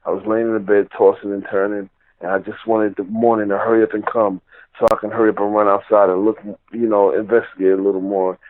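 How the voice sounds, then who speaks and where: A man's voice: fairly low pitch, dry recording. A man telling a personal story in a rambling, casual way, full of "you know" and "like". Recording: tinny phone line.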